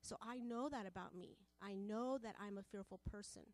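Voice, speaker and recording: A woman's voice: medium pitch, normal speed, darkish tone. A woman preaching a sermon to a women's group, passionate and repetitive, building in volume as she presses her points.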